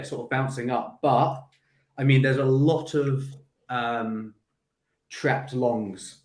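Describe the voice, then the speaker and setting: Male CEO guest, measured and wary, mid-pitch, roomy echo on his audio. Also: a little mellow. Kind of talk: casual crypto livestream chat.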